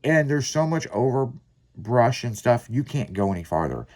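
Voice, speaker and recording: A man hosting a podcast, telling a long story in casual, profanity-laced chat with lively, rambling delivery. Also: mid-range voice, moderate pace. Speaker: podcast host.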